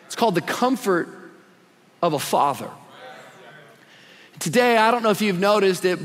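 Man in his thirties, guest pastor, high voice, slangy and energetic sermon, long hall reverb. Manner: casual and slangy, preaching with energy. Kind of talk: live sermon. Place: church sanctuary with a congregation.

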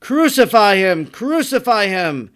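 A man voicing an angry crowd that chants its demands in loud shouts. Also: fairly high pitch, very animated, slow pace, full character voice. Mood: shouting. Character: angry shouting mob, men.

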